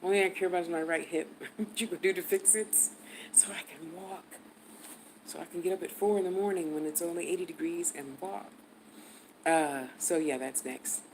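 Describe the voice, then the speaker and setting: A woman's voice: fairly low pitch, fairly even intonation, a little fast, darkish tone, a little hiss or hum, low-quality recording. Blunt, cursing older woman telling a story. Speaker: vlogger. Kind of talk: profane storytelling.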